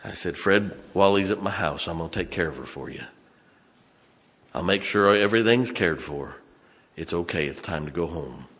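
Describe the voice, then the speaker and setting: A middle-aged man preaching a storytelling sermon in a church, folksy, swinging from loud to hushed. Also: sits low, animated, normal speed. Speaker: pastor. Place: church sanctuary.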